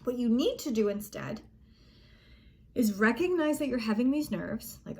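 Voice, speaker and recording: A woman's voice: fairly high pitch, expressive, normal speed, pauses often, dark tone. Earnest woman coach giving reassuring advice. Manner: earnest and reassuring, acts out an athlete's panicked inner voice. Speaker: gymnastics coach. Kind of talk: casual spoken coaching advice.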